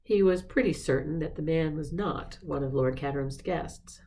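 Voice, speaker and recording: Brief: woman reader, low mellow voice, steady story narration. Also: moderate pace, poor audio. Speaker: staff member reading aloud. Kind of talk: audiobook-style story reading.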